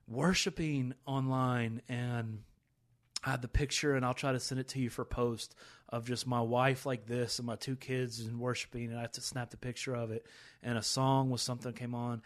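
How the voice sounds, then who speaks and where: Earnest man hosting a faith podcast. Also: mid-range voice. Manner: earnest and emotional, with many restarts. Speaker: podcast host at a rehab ministry. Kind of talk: candid faith podcast chat.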